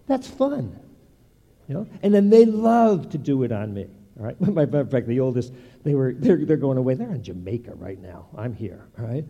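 Older male pastor, preaching sermon, lively rising and falling pitch, dark mellow tone. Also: brisk, breathy edge. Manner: animated preaching with playful asides.

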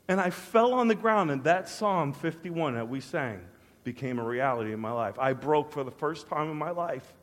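A middle-aged man preaching a personal testimony, swinging from hushed to loud as he acts out his prayers, in a large church hall. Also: fairly high pitch, animated, normal speed. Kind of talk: sermon testimony. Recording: long hall reverb.

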